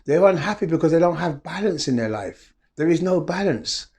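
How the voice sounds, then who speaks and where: A man's voice: fairly high pitch, lively intonation, brisk, a little mellow. A middle-aged man, a wellness coach, giving an earnest reflective motivational talk full of repeated rhetorical questions.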